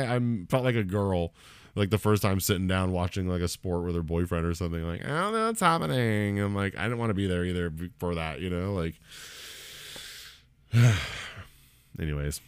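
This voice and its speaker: A man's voice: sits low, no room sound. A man hosting a solo comedy podcast, rambling, swearing a lot and mocking himself. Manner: profane, rambling, self-deprecating. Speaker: podcast host and stand-up comedian. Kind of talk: casual solo podcast monologue.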